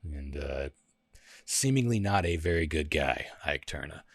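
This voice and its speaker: A man hosting a music lyrics quiz in a casual podcast, playful and quick to laugh. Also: expressive, creaky, dry recording, studio quality. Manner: playful, laughs often, sings lyrics in a high falsetto. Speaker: host running a lyrics quiz.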